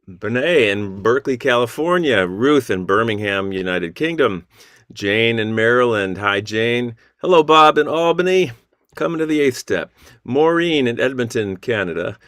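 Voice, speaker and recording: A man hosting an online song gathering over a video call, warmly greeting viewers by name and town. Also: fairly low pitch, lively intonation, unhurried, dry recording, clean studio sound. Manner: friendly, reading out viewer names. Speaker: host. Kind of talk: online sing-along greeting.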